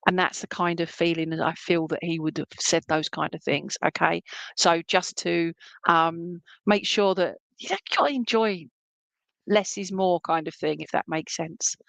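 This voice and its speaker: Chatty woman with a gravelly voice. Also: lowish voice, fairly even intonation, normal speed, fairly bright tone, no echo. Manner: chatty, reassuring, full of fillers. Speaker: spiritualist medium. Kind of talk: online service reading. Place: home room with a TV.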